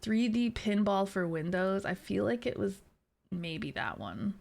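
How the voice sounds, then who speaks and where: A woman's voice: medium pitch, animated, unhurried, gravelly, darkish tone. A young adult woman streamer chatting casually with viewers, laughing often and teasing.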